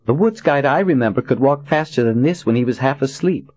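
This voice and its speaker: A man voicing a pleading, insistent young woman who taunts and accuses in a high voice. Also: very animated, moderate pace, darkish tone, slightly rough, dry recording, exaggerated voice. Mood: taunting. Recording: dull dry recording.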